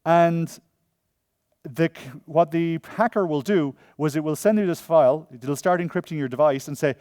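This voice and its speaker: Animated, jokey male conference speaker. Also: on the high side, moderate pace, no room sound, clean studio sound. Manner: jokey, tells funny stories; animated, acts out quoted voices. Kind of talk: conference talk with audience Q&A. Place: conference room before an audience.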